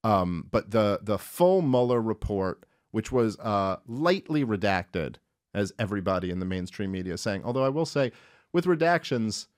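A man hosting a talk show, casually retelling a story and commenting, swearing often and slipping into quick voices for the characters. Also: on the low side, dry recording, studio quality. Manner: profane, animated, acts out characters in quick voices. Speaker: podcast host. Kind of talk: irreverent comedic retelling and commentary.

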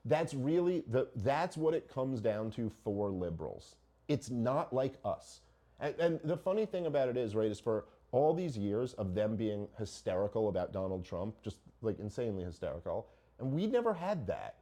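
Animated, mellow-voiced man arguing casually. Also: lowish voice, normal speed. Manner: animated, argumentative, profane, rhetorical questions. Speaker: podcast host. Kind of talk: casual opinionated chat.

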